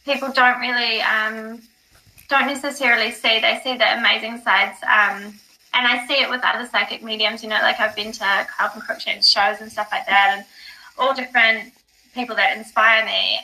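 A woman guest on a podcast, telling a personal story in casual chat, animated, with many fillers and the odd swear. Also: on the high side, moderate pace, poor audio. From not from the UK. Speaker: psychic guest.

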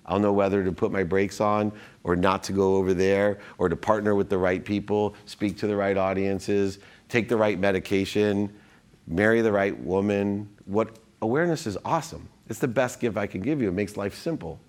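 Low-voiced man telling stories. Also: moderate pace. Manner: animated, acts out quotes, frequent restarts. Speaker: guest. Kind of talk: casual storytelling in a conversation.

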